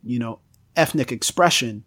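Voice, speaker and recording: A man's voice: mid-range voice, moderate pace, fairly bright tone, husky, no echo, studio quality. Direct, candid man in theological talk. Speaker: podcast co-host. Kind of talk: theological discussion.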